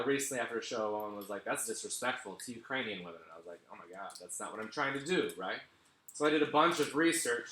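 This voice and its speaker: A man performing stand-up over a live stream, his voice bright and forceful. He delivers sardonic, deadpan asides and keeps chuckling at his own material. The sound bounces around a roomy, echoey space picked up by a laptop mic. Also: medium pitch. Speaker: stand-up comedian.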